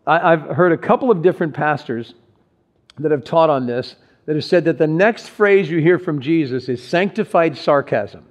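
A man's voice: a little high, expressive, normal speed. A man preaching a sermon as pastor. His delivery is earnest and conversational, with frequent restarts. The recording is dull and lo-fi. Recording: dull lo-fi sound.

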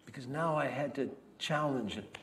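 A man's voice: mid-range voice, normal speed, a bit bright, a little hiss or hum. A man delivering a dramatic first-person monologue as a biblical character, speaking directly to the congregation. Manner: storytelling, addresses the congregation directly. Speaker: preacher performing a biblical character.

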